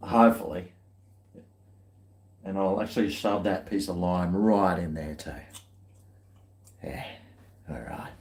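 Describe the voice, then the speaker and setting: A man's voice: sits low, takes it slowly, pauses often. A man chatting casually to camera in a rambling, laid-back way with chuckling asides. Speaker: vlogger. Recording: echoey room.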